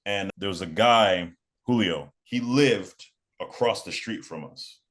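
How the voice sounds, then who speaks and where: Low-voiced man telling a story. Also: a little slow, fairly bright tone. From New York. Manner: laid-back, repeats and restarts phrases, cusses. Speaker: podcast guest. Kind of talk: storytelling in a casual interview.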